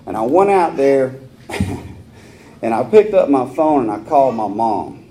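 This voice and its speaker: A man's voice: mid-range voice, sing-song, unhurried, pauses often, warm tone, slight background noise. A man telling his personal recovery story at a meeting, in a candid, earthy way. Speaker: AA speaker. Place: meeting hall.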